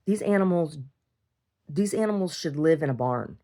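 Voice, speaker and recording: A low-pitched middle-aged woman keeps a casual video diary. She talks bluntly, swears freely and drifts from one rant into the next. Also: expressive, moderate pace, mellow. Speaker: video diarist. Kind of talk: casual rambling monologue.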